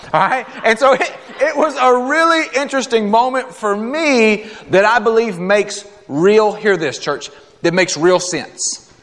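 High-voiced animated preacher in a reverberant hall. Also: male voice. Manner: animated, conversational, quick asides and acted-out quotes. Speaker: guest preacher. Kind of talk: sermon with storytelling. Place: church sanctuary.

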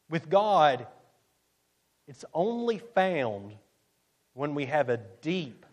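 Guy preaching a sermon, slow and deliberate, voice goes up and down a lot, kinda high. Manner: slow, deliberate preaching with emphatic scripture reading. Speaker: pastor.

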